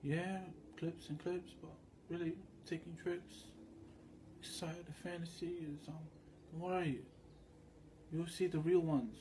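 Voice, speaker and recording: Mellow-voiced man in a rambling monologue. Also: on the high side, steady tone, slow, slight background noise. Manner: loose, meandering storytelling with quoted voices.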